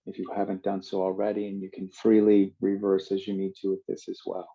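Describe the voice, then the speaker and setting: A man leading a yoga workshop, giving calm, slow guided instructions with drawn-out cues. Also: low-pitched, muffled recording.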